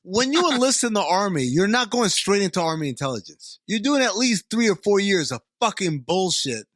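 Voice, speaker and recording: A man co-hosting a comedy podcast, riffing loudly and swearing freely. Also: sits high, sing-song, a little fast, dry recording, studio quality. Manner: loud, profane riffing. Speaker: podcast co-host. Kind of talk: casual comedic chat.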